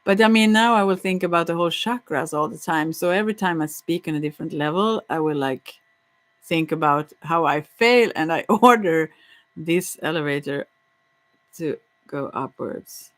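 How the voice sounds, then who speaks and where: A woman's voice: low voice, moderate pace. A woman rambling in a casual monologue, musing dreamily, giggling and stammering with frequent restarts.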